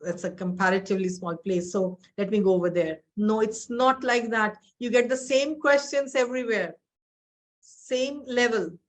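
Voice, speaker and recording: A woman's voice: a little high, moderate pace. A middle-aged woman with an Indian accent, teaching an English exam webinar in a direct, instructive way and often asking rhetorical questions. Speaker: IELTS trainer.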